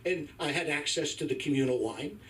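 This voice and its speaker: A man's voice: a little high, fairly quick, a bit bright, far from the mic, slight background noise. Profane stand-up comic in his fifties. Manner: crude, profane, wry storytelling. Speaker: stand-up comedian. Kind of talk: stand-up comedy set. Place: comedy club stage, live.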